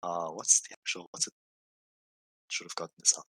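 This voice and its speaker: A man with a lowish, bright, tense voice narrates a tabletop game as game master. He talks in an easygoing way, full of fillers, recorded close and dry. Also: completely flat delivery, moderate pace, no room sound, poor audio. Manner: hesitant, many fillers, easygoing.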